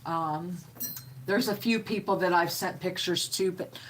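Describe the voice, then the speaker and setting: Woman, middle-aged, slow unhurried pace, homey chatty manner, live-stream host, faint background noise. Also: fairly low pitch, steady tone. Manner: slow, homey and chatty, reading out viewer comments. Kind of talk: casual live-stream chat.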